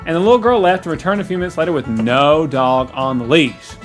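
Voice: medium pitch, a little fast, faint music behind. A co-host of a comedy show, telling a joke in casual banter and laughing often.

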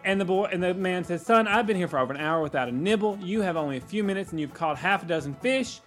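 A man with a notably high voice spins out long jokes in an easy, unhurried way, laughing at his own punchlines. Faint music sits behind him. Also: lively intonation, a bit bright. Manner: drawn-out storytelling, chuckles at own jokes. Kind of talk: casual joke telling.

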